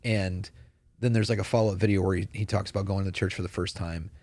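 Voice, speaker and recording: A man's voice: deep voice, steady tone, quick pace, darkish tone, no room sound, clean studio sound. A man in casual conversation on a church podcast, talking earnestly and telling stories with many fillers.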